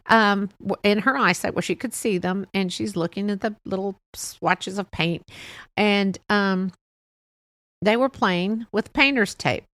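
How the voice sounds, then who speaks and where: A woman's voice: medium pitch, a bit bright, no echo. Chatty older woman, dry close sound. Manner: chatty, rambling storytelling with frequent laughs. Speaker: podcast host. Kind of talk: casual monologue.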